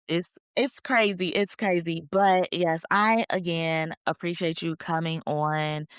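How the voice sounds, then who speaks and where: A woman's voice: low-pitched, fairly bright tone, smooth, dry recording, clean studio sound. A woman hosting a faith podcast, chatting casually and animatedly, acting out her own thoughts as she tells stories. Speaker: podcast host.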